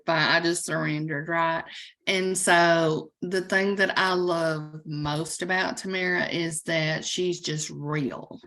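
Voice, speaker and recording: A woman with a Southern US accent from Alabama, chatting as a coauthor and preacher on a video call, telling stories in an animated way with laughs. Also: on the low side, slow. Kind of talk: casual chat on a video call.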